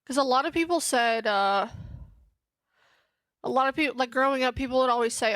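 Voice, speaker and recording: A woman's voice: on the high side, moderate pace, pauses often, fairly bright tone, no echo. A young woman streaming a game, chatting casually and rambling to her viewers. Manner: chatty, rambling, talking to chat. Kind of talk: casual chat while gaming.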